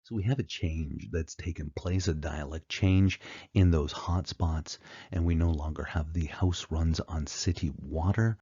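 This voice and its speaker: A man teaching an explanatory lecture, unhurried, with frequent pauses and fillers, on a dull, muffled recording. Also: a bass voice, fairly even intonation, dark tone, breathy edge, no echo.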